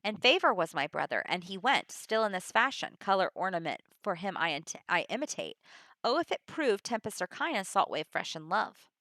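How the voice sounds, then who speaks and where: Young noblewoman in disguise, lady reading her lines plain and bright, dry room. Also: mid-range voice, big pitch swings, normal speed, no room sound. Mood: wondering.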